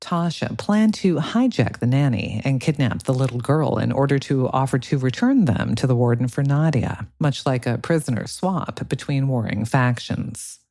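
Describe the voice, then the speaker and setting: A man narrating a political thriller audiobook in a steady, even reading. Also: medium pitch, moderate pace, creaky, hardly any pauses, dry recording. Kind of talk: scripted narration.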